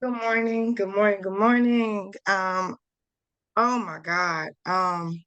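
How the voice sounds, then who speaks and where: Slow, tearful woman sharing her story. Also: medium pitch, fairly even intonation, fairly bright tone, clean tone, muffled recording. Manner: slow, heartfelt, halting with fillers. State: holding back tears. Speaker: course participant. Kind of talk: emotional testimony on a group call. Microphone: video call.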